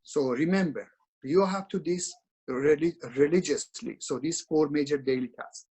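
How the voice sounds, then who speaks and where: A man's voice: on the high side, moderate pace, warm tone, slightly rough, poor audio. A man speaking as a webinar presenter over a video call, instructing in an earnest, repetitive way with frequent restarts.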